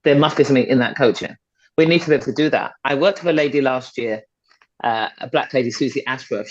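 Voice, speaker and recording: Emphatic middle-aged woman, husky-toned. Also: a bass voice. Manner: emphatic and persuasive, repeats points for stress. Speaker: guest, fitness and confidence coach. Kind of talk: motivational conversational talk. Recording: dull, slightly lo-fi podcast audio.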